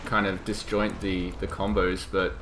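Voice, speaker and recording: Man, Australian accent, game commentator, low voice, noisy recording. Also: measured pace. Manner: steady analytical play-by-play. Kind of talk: esports commentary.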